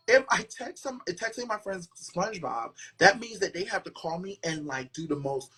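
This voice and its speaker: A man hosting a casual podcast chat, talking in a loud, dramatic and sassy way. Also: sits high, sing-song, moderate pace, husky. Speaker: podcast host.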